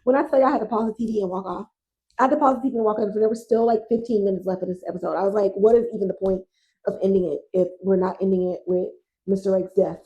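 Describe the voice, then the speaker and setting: Animated woman recapping TV. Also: medium pitch, very fast, dull audio. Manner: animated, exasperated, swears freely; addresses listeners as y'all. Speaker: podcast host. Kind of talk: casual TV recap podcast.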